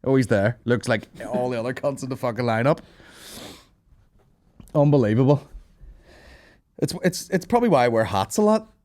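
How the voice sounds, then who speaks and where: Man, comedy podcast host, sweary, very lively pitch. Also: normal speed, long pauses. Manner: sweary, joking, slips into mock voices. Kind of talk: comedic commentary over a documentary.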